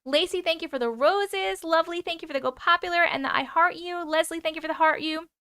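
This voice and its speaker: A woman hosting a live chat stream, excitable and quick to laugh, who races through thank-yous to her viewers. Her voice sits high and sounds bright and sharp. The recording is dry and close, with no room sound. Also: no room sound. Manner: chatty and excitable, rattles off thank-yous fast; swears casually, gasps and laughs often. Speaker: livestream host. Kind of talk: casual livestream chat, reading comments and thanking gifters.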